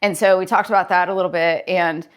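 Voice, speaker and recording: A woman therapist talking casually to camera in a daily vlog, relaxed and chatty with filler words. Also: on the low side, quick pace, clear, resonant tone. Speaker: therapist and daily video creator.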